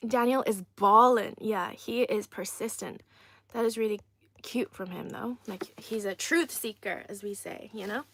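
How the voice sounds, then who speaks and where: A woman's voice: mid-range voice, unhurried, a bit bright. A young woman chatting casually on a livestream, reading viewers' comments aloud with frequent giggles. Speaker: streamer reading live chat.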